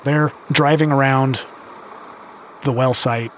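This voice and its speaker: A man telling his own true story for a podcast, earnest and halting, with small restarts. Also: medium pitch, fairly even intonation, a little hiss or hum. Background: music underneath.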